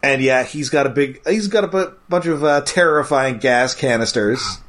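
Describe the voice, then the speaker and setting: A man's voice: mid-range voice, normal speed, fairly bright tone. A man co-hosting a casual podcast, recapping an episode with rambling, playful asides. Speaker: podcast co-host.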